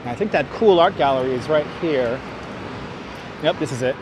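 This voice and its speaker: A man's voice: fairly high pitch, expressive, normal speed. A man livestreaming while walking city streets, giving joking, sarcastic running commentary on a clip-on mic. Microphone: wireless clip-on mic. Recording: outdoor traffic noise.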